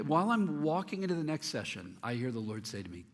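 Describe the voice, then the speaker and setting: A middle-aged male pastor telling a story in a sermon, candid and humorous with animated delivery. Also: on the high side, quick pace, few pauses. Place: church auditorium. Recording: long reverb of a church hall.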